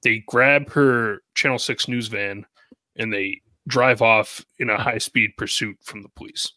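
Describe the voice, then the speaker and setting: A man's voice: lowish voice, fairly even intonation, sharp tone, dry recording. A man co-hosting a podcast, recapping a cartoon episode in a casual, joking way. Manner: narrates plot with jokey asides and quick impressions.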